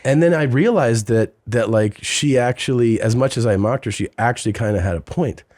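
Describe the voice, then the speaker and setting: A man's voice: mid-range voice, brisk, a little mellow, dry recording, clean studio sound. A man hosting a podcast, telling a long story in casual chat and slipping into mocking voices. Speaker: podcast host.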